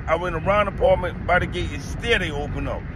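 A man's voice: high voice, fast. A man with a Southern US accent, a delivery driver venting in a heated, profane rant to his phone camera. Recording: noisy outdoor traffic background.

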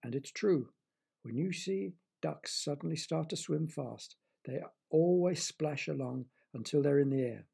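A man narrates a bedtime story for children, chatting gently and speaking straight to his young listeners. His voice is gravelly, mellow and husky. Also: fairly high pitch, measured pace.

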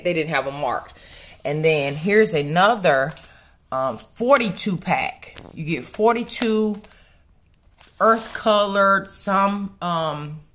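A woman's voice: low-pitched, a bit bright, a little hiss or hum. A woman, chatting casually to her viewers at home, rambling and a little out of breath. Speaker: vlogger. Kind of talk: casual chat to camera. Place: home, at a table.

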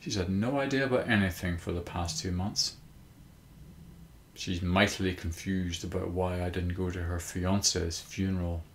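A man voicing a worried middle-aged mother who speaks gently and consolingly, in a storybook reading. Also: deep voice, steady tone, moderate pace, slight background noise. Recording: roomy echo.

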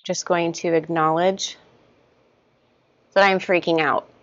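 A woman guiding an EFT tapping session, repeating short first-person statements about stress in a steady rhythm. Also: fairly low pitch, slow, dry recording. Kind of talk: guided tapping, spoken affirmations. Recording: dull lo-fi sound, dry.

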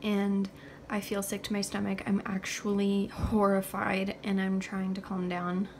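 A woman's voice: medium pitch, completely flat delivery, a little slow, a little hiss or hum, low-quality recording. A young woman in her late teens vlogging casually at home, talking nervously and chattily with lots of fillers. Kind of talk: casual vlog talk to camera.

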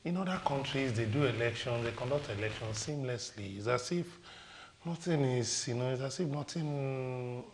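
A man's voice: medium pitch, moderate pace, background noise. A man with a Nigerian accent, a guest on a TV panel discussion, who speaks emphatically and asks rhetorical questions.

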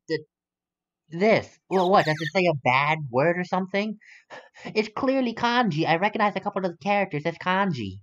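A young man casually narrating gameplay, rambling and correcting himself as he goes. His pitch swings about a lot, animated and expressive, with faint hiss in the background. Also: muffled recording. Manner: rambling, self-correcting, grumbly asides. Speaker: let's play host.

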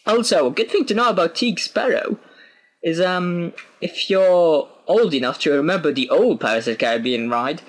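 A man's voice: fairly high pitch, normal speed. A British man hosting a let's play, commenting casually with self-mocking asides. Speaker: gaming video host.

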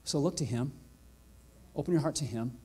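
A male pastor preaching a sermon in a church, earnest and heartfelt, building to excited emphasis. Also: mid-range voice, normal speed, slightly rough. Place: church sanctuary.

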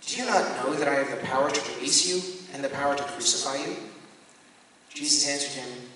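A man, a Catholic priest, reading scripture aloud at a measured, deliberate pace and now and then correcting himself. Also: medium pitch, fairly even intonation, bright, forceful tone. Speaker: Catholic priest leading a Bible study. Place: parish hall or church room. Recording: echoey hall, voice from far off, faint room noise.

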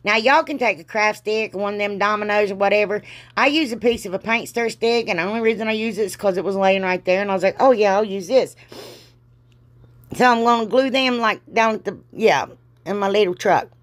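A woman, talking through a DIY craft tutorial in a rambling, self-deprecating way, with a sore throat and frequent throat clearing. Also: mid-range voice, fast. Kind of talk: casual craft tutorial voice-over.

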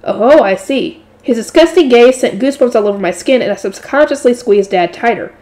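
Lady reading a light novel out loud, kinda high voice, steady. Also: fast talker. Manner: plain steady reading with asides. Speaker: audiobook reader.

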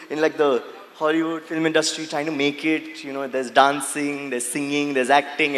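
High-voiced comedian in a live hall. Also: male voice. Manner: animated storytelling, acts out quoted voices, mixes English with Hindi. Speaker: stand-up comedian. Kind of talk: stand-up comedy. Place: stage at a literature festival. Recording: live hall with crowd and noise.

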